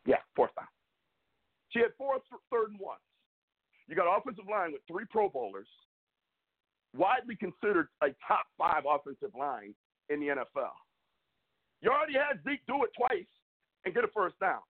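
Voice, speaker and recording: A sports podcast host with a high voice goes on a heated rant, frustrated, emphatic and rambling, often repeating himself. His pitch swings widely at a moderate pace with frequent pauses, and the audio is narrow and phone-like.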